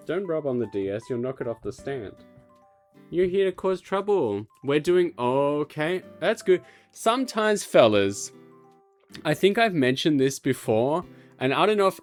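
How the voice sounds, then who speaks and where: A man's voice: a little high, lively intonation, normal speed, soft background music. A man streaming a video game from home, chatting casually and fondly talking to his cat between rambling, self-mocking asides. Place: home room.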